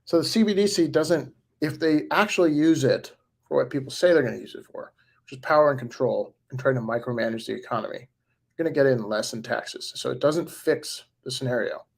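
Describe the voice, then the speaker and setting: A man in his forties responds to viewer comments during a live stream, chatting casually and rambling with fillers and chuckles. His mid-range voice is creaky and a little fast.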